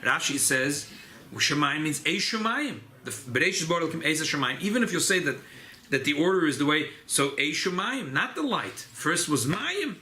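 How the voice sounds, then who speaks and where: Rabbi guy teaching a class, kinda high voice, faint hiss behind. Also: moderate pace. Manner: animated, rising pitch on emphasis, Yiddish and Hebrew terms mixed in. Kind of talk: informal Torah class.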